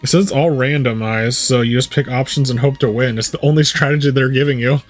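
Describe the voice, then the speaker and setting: A man's voice: mid-range voice, steady tone, fast talker, soft background music. Rambling man streaming a game. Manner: rambling, thinking aloud with many "like"s. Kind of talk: casual live gameplay commentary. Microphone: studio USB condenser mic.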